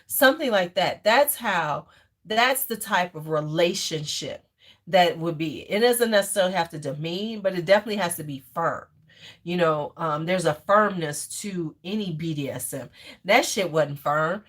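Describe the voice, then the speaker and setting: A middle-aged woman runs a relaxed livestream from home, talking at a normal pace in an expressive mid-range voice. Joking, blunt and swearing freely as she chats with viewers, she then coos and fusses over a toddler.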